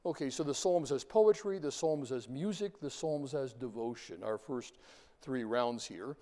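A man lecturing his class in a lively way, talking to students and chanting examples aloud. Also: mid-range voice, unhurried. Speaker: university lecturer. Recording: reverberant lecture hall.

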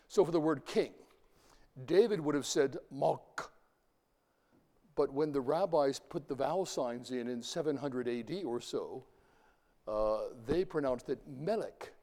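A man's voice: medium pitch, animated, normal speed, mellow. A man giving an informal lecture, talking in a rambling way with fillers and repeated words. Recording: long hall reverb.

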